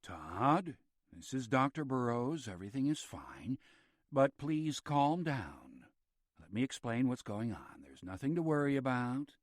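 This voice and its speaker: A man doing a calm surgeon, even hypnotic cadence, steady, dry sound. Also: mid-range voice, measured pace, dry recording. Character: calm, smooth male surgeon.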